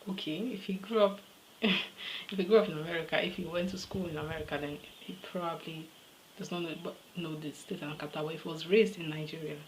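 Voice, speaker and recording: A woman's voice: deep voice, steady tone, a little fast, a little hiss or hum, rough recording. A woman hosting a reaction video, explaining her view in a matter-of-fact way. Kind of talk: casual commentary.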